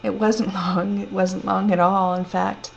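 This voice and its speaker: A woman telling a personal story in a gentle, reflective, unhurried way. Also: medium pitch, flat delivery, creaky. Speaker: storyteller sharing a personal testimony. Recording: dull lo-fi recording with faint hum.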